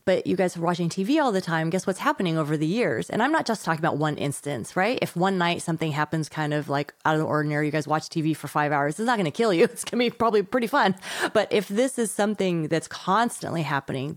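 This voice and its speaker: An energetic woman speaks as an interview guest, explaining ideas in a low-pitched voice. She laughs easily and slips into playful children's voices. The sound is dry and close. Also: no echo. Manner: energetic, laughs often, acts out kids' voices. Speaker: author and guest. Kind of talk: interview conversation.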